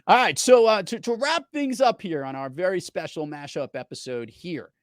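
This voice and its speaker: A man's voice: high-pitched, animated, moderate pace, no echo, clean studio sound. A middle-aged man hosting a podcast, chatting casually and telling stories. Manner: chatty, storytelling. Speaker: podcast host. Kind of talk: casual chat.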